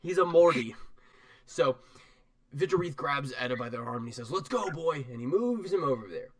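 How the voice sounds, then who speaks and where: A man narrating as game master of a tabletop game, animated and rambling, laughing often. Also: mid-range voice, fairly quick.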